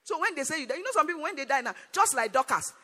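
A man's voice: very high voice, sing-song, very fast, bright, forceful tone. A man preaching a sermon in an emphatic, sing-song cadence. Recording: echoey hall reverb.

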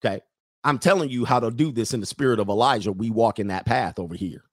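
A man's voice: mid-range voice, fast, dry recording, clean studio sound. Blunt, preachy man on a livestream. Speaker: coach, podcast host. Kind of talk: livestream commentary reading chat.

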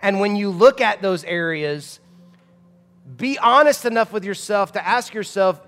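Pastor, 30s, high voice, conversational emphatic preaching, church reverb. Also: male voice, a bit bright. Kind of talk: sermon. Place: church sanctuary. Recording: long hall reverb of a church.

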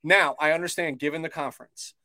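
A man in casual sports chat who weighs his points with care and leans on fillers. His voice is a touch high. The recording is dry and close. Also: steady tone, sharp tone, no room sound. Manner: measured, cautious, filler-heavy. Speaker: podcast co-host.

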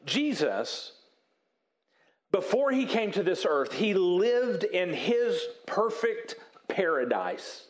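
A man preaching a sermon in an earnest, emphatic way with dramatic pauses, dropping to a soft voice when he acts out quoted apologies. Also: sits high, sing-song. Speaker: pastor.

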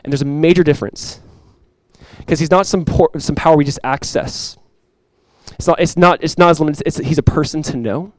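A male pastor in his thirties preaching a conversational, animated sermon with quick asides. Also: a little high, no echo.

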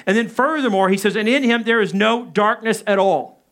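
A man in his thirties preaching a sermon, telling a personal story with animated delivery and acting out his own panicked calls. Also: sits high, normal speed. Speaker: pastor.

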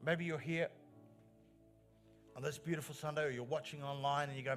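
A male pastor preaches in a church with an earnest, emphatic delivery, repeating key phrases and lifting his voice on the strong lines. His voice sits a little higher than most men's. Quiet instrumental music plays underneath. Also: fairly even intonation, a little fast, long pauses. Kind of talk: sermon.

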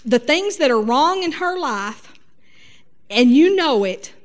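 A middle-aged woman preaching a sermon in a lively, folksy way, sprinkling her talk with hallelujahs. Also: sits high, slow.

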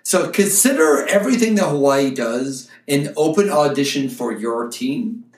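A man's voice: medium pitch, animated, moderate pace. A man hosting a casual sports chat, laughing often and stumbling over names. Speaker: podcast host. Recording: roomy, distant from the mic.

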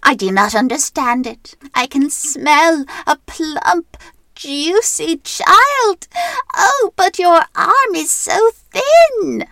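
A woman's voice: very high-pitched, animated, vocal fry, sharp tone, dry recording, voice pushed up, heavily acted. An Irish woman voicing a screeching, greedy old witch in a storybook reading. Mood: cackling greedy. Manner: drawn-out, sing-song, greedy relish.

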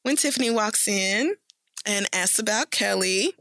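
A woman's voice: medium pitch, unhurried, vocal fry, no echo, clean studio sound. A young woman co-hosting a casual podcast, animatedly recapping a TV episode and acting out quotes. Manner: animated, acts out quotes in funny voices. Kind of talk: casual chat.

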